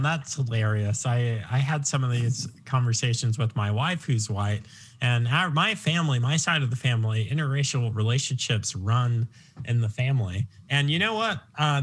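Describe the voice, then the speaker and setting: A man hosting a casual podcast interview, speaking in a neutral, non-regional American accent. He talks loosely and digresses, then pulls himself back on track. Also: mid-range voice. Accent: none, neutral American. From Long Island, New York. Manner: rambling, self-deprecating, digresses. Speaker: podcast host.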